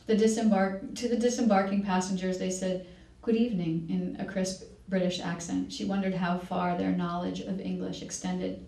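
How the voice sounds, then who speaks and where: A woman reading her novel aloud at a public library event. She reads at a measured pace and now and then corrects herself. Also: on the low side, little pitch movement, creaky, mellow. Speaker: author reading. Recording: echoey room, distant mic.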